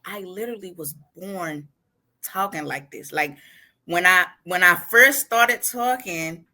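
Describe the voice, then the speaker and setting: Bright, laughing woman from Ohio. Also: on the low side, unhurried. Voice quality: distinctive accent that others cannot place. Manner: animated, laughing storyteller who acts out quotes. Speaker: author guest. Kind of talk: casual interview chat.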